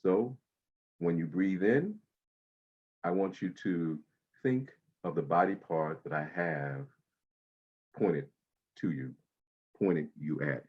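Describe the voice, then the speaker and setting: A man leading a guided breathing meditation, speaking slowly and soothingly with long pauses. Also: low-pitched, breathy edge, narrow, tinny audio.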